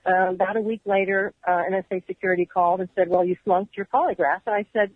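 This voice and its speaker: Woman radio guest, earnest storyteller, mid pitch, dry phone sound. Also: fairly even intonation, quick pace, hardly any pauses, no echo, narrow, tinny audio. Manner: earnest, detailed storyteller who acts out quoted dialogue. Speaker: radio guest, former agency employee. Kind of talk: telling her story in a radio interview.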